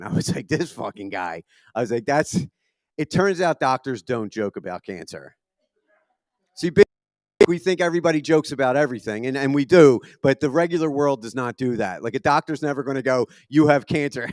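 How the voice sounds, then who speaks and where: A man's voice: medium pitch, lively intonation, fairly quick, no echo, clean studio sound. A man in his thirties with a Philadelphia accent doing a profane, self-deprecating stand-up comedy set. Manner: profane, self-deprecating, punchy delivery with lots of swearing. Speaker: stand-up comic. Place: comedy venue with a live audience.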